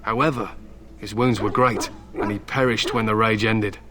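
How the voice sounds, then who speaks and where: A man's voice: on the low side, fairly even intonation, normal speed, noisy background, natural voice. An actor voicing a stern, proud male warrior and hound handler in video game dialogue, telling old tales solemnly and threatening bluntly.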